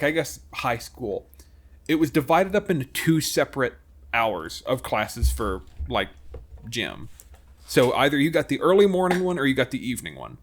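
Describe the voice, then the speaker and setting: A man's voice: medium pitch, a little hiss or hum. Young man chiming in with wry asides. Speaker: podcast co-host. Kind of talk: casual chat.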